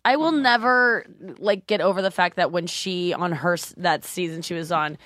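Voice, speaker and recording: A woman's voice: on the low side, normal speed, fairly bright tone, no room sound. Wry woman co-host, dry close sound. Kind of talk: casual chat.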